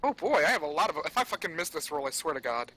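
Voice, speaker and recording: Fast-talking, bright-voiced man playing. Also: a little high, very animated. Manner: quick, profane, eager. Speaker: player. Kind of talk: casual tabletop game chat.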